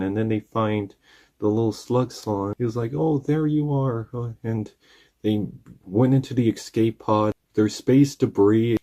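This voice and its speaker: Thirtysomething guy, real low mellow voice, rambly earnest movie recap. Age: 30s. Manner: rambling, earnest plot recap full of "and then". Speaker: channel host reviewing a movie. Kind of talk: casual spoken movie review.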